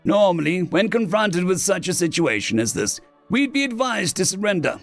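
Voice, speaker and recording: A man voicing a panicking male alien general with mandibles, high-strung and melodramatic. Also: very animated, normal speed, creaky, faint music behind, heavily acted. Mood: formal, weary.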